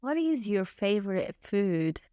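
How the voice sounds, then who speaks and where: A woman reads short everyday phrases aloud for learners, one by one, at an unhurried pace. Her voice is smooth and crisp, and every word is carefully pronounced. The sound is dry and close, with no room echo. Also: mid-range voice, sing-song, warm tone. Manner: careful, deliberate enunciation with pauses. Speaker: English teacher. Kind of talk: slow phrase-by-phrase reading for learners.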